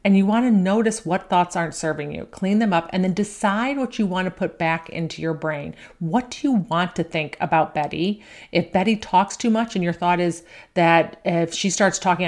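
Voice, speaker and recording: Woman golf mental coach, kinda low voice, chatty and easygoing, keeps saying right?. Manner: conversational, often ends with "right?". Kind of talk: instructional talk.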